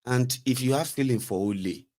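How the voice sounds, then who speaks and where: A Nigerian man giving casual, sarcastic political commentary in a rambling, animated way. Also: medium pitch, normal speed.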